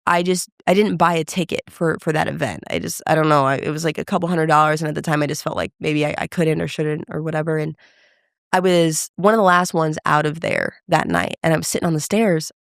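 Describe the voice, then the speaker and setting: A woman's voice: low voice, a little fast, creaky, no echo, clean studio sound. A woman, an emcee and speaker, telling her career story as a guest in a podcast interview. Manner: animated storyteller who acts out quoted dialogue.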